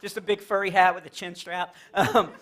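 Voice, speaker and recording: A man's voice: high voice, little pitch movement, moderate pace, a bit bright, a little hiss or hum. A man from Texas doing a chatty stand-up comedy set for a church audience, jumping into silly voices for his jokes. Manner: playful, chatty, jumps into silly character voices. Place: church fellowship hall with a live audience.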